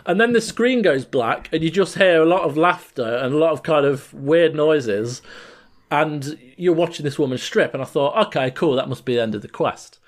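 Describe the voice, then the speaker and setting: Man, slightly higher-pitched voice, laughs through an animated retelling, casual podcast chat. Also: moderate pace. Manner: laughs while telling a story, trails off and restarts. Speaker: podcast co-host.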